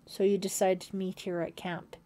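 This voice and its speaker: A woman's voice: medium pitch, flat delivery, moderate pace, mellow, close to an everyday voice. A woman voicing a brave, worried teenage girl counselor in an audiobook, earnest and urgent. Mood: sheepish.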